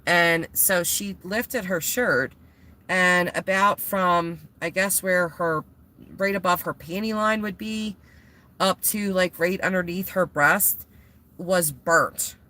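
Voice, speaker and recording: A woman talks straight to her viewers in a loose, rambling vlog. Her voice is bright and a little tense, and she sounds shaken as she keeps stopping and restarting. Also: lowish voice, takes it slowly. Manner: rambling and shaken, many fillers. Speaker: vlogger. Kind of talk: casual vlog retelling.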